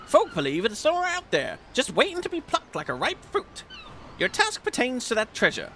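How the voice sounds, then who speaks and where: A man's voice: very high-pitched, wildly swooping pitch, a little fast, pushed and bright, slight background noise, voice pushed up, exaggerated voice. A man voicing a chatty old male sailor who tells an old-timey seafaring yarn, reading game dialogue aloud. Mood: spinning a yarn. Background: game music.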